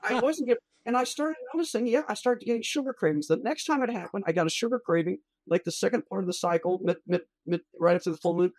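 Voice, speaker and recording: A woman's voice: mid-range voice, quick pace, few pauses, darkish tone, dry recording. A woman physician talking as a guest in a casual discussion, blunt and emphatic.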